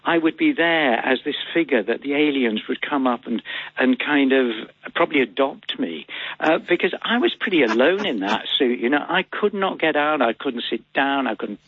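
An older man with an English accent tells stories in an animated, theatrical way. His voice is a little husky and completely dry. It comes through a tinny phone line. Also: medium pitch, normal speed, no room sound. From England. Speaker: guest actor. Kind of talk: phone interview.

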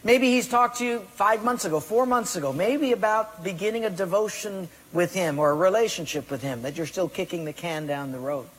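Husky high-voiced pastor preaching. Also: male voice, a little fast, hardly any pauses. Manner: asks the congregation questions, tells a joke with acted voices. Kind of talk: sermon. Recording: echoey hall reverb.

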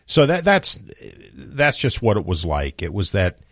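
A middle-aged man with a New York accent, hosting a talk radio show in casual banter with quick joking asides. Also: lowish voice, sing-song, dry recording, studio quality. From New York City.

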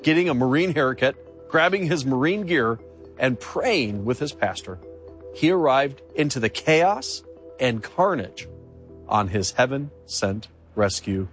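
A man narrating a scripted news feature in a dramatic, measured way. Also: medium pitch, animated, fairly bright tone, soft background music.

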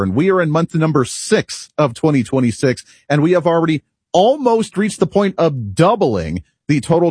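A man's voice: medium pitch, a little mellow, breathy edge, no room sound. A man hosting a political talk radio show in the studio, speaking in an opinionated, brash and jokey way. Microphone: studio microphone.

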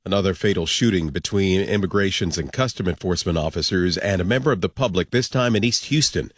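A man anchoring a network radio newscast with a crisp, measured delivery. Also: deep voice. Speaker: news anchor.

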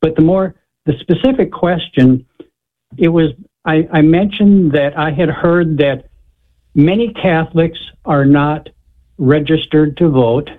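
Halting male caller on a phone line. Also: fairly high pitch. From Florida. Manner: halting, restarts often. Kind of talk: call-in question.

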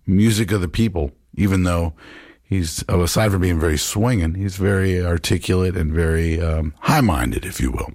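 A man's voice: low voice, moderate pace, darkish tone, no room sound, studio quality. A man hosting a jazz radio show, musing in a loose, rambling way with plenty of fillers as he talks about records.

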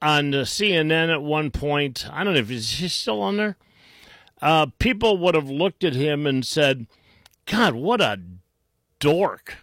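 Male radio host, mocking, combative, slow drawl, dry studio sound. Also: fairly high pitch, animated, fairly bright tone, no echo. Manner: mocking and combative, with many restarts. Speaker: radio talk show host. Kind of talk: talk radio commentary.

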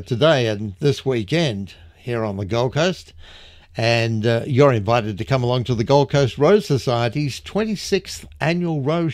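A man's voice: mid-range voice, no echo, clean studio sound. An Australian man presenting a local radio show and reading a community announcement in a friendly, chatty way. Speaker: radio host. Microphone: studio microphone.

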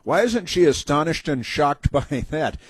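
A man's voice: a little high, lively intonation, measured pace, breathy edge, no room sound. A man hosting a political talk radio show, sarcastic and mocking, rambling with many fillers and restarts.

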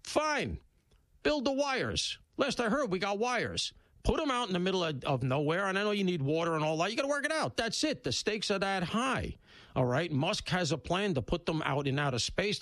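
A man hosting a talk radio show, talking bluntly and casually, with loud emphatic bursts and low asides. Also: no echo. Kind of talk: opinionated talk radio monologue. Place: radio studio.

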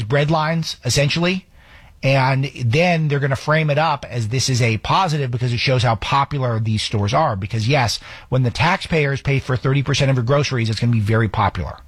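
A man hosting a talk radio show, giving fast, sarcastic commentary with frequent restarts. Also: mid-range voice, breathy edge, dry recording.

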